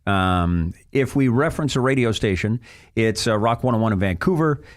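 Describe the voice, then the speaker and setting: A man's voice: on the low side, normal speed. A man from Canada hosting a casual morning radio podcast, chatting and joking through the week's news. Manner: chatty, joking, animated storyteller. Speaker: radio morning show host.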